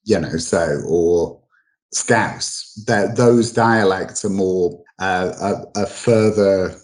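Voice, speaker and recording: A man explaining at length in a casual chat, halting and full of restarts and fillers. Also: deep voice, darkish tone, rough recording. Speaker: guest expert on English dialects.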